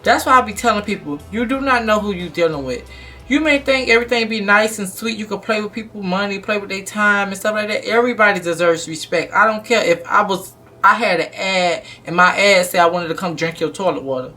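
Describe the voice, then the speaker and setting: A young adult woman telling a story on her vlog in a blunt, animated, emphatic way. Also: medium pitch, brisk, faint music behind. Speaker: vlogger.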